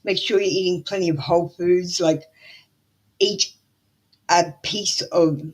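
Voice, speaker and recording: A woman's voice: lowish voice, fairly even intonation, measured pace, poor audio. A middle-aged woman with an Australian accent doing a live tarot reading, blunt, motherly and swearing freely. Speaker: tarot reader.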